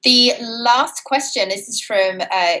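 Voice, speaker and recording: A woman's voice: a little high, takes it slowly, pushed and bright, poor audio. A woman with a British accent tinged with Australian, co-hosting a casual podcast in a chatty, self-mocking way. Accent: British with an Australian twang. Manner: chatty, self-mocking, frequent "you know". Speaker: co-host.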